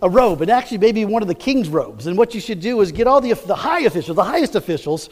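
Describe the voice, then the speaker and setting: A man's voice: high-pitched, very animated, quick pace, long reverb tail, pitched above the performer's own voice. A man voicing a boastful, self-important male royal official while retelling a Bible story. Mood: gloating.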